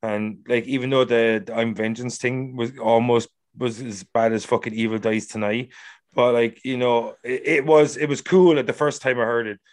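A man's voice: mid-range voice, fairly even intonation, moderate pace. A man co-hosting a casual movie podcast, rambling and restarting his sentences. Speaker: podcast co-host.

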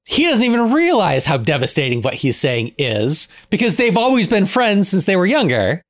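A man's voice: high-pitched, wildly swooping pitch, moderate pace. A man co-hosting a podcast, chatting casually and playfully, throwing out ideas and jokes. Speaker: podcast co-host. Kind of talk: casual chat.

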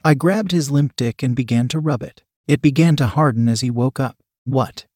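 A man reading a first-person erotic story aloud in a steady, even storytelling manner. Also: mid-range voice, fairly quick, husky, dry recording, studio quality. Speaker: narrator.

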